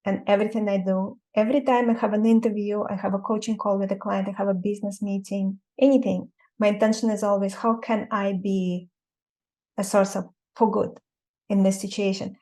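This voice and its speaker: Mellow woman with a Russian accent. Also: mid-range voice, level tone, a little fast. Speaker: interview host and coach. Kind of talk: interview conversation.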